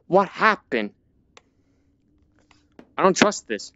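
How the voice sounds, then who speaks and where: A man's voice: on the high side, lively intonation, unhurried, a bit bright, no echo. A man narrating his own VR horror playthrough, his voice leaping up and down as he panics and curses at the game. He mutters to himself in a close, dry sound with no room around it. The recording is dull and lo-fi. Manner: jumpy, swears a lot, talks to himself while panicking. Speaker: gamer playing a VR horror game. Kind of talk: let's play commentary.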